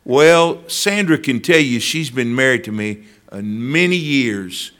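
A man's voice: mid-range voice, expressive, unhurried, fairly bright tone. A man preaching a sermon, telling stories and addressing listeners by name.

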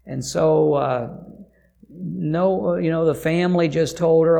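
A middle-aged missionary pastor giving a sermon testimony, telling an earnest story in a halting way and correcting himself mid-sentence. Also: male voice, on the high side, fairly even intonation, vocal fry, mellow. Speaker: missionary pastor to a deaf church.

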